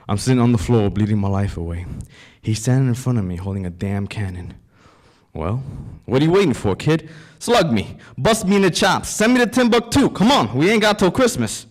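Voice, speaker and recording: A man's voice: on the low side, moderate pace, natural voice. A man performing a dramatic monologue as a wounded, tough-talking male gunman who brashly taunts his shooter. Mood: taunting. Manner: brash, taunting, rising to shouts.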